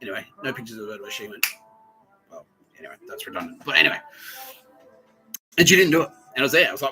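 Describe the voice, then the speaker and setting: A man's voice: mid-range voice, very animated, quick pace, pauses often, music in the background, low-quality recording. A man hosting a podcast, talking in a rambling, profane solo monologue and acting out quotes in voices. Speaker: podcast host.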